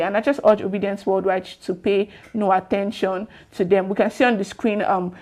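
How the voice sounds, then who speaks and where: A woman's voice: medium pitch, darkish tone. Opinionated Nigerian woman commentator. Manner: conversational, with frequent um and you know fillers; sarcastic, opinionated. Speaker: commentator reading reactions. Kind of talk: political commentary reading out social media posts.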